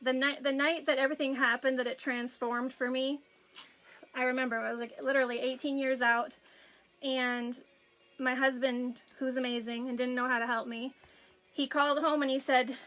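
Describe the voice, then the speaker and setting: Tearful woman in her forties with a high, bright voice telling her story emotionally. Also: steady tone, fairly quick. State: crying, runny nose. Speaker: craft vlogger. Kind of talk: personal story on a live video.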